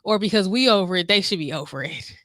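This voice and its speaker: A woman co-hosting a podcast retells stories with gusto and acts out the people she quotes. Her voice is bright and forceful, and the recording is dry and close. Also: fairly low pitch, quick pace, no room sound. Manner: animated storyteller, acts out quotes. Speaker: podcast co-host. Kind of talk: casual chat.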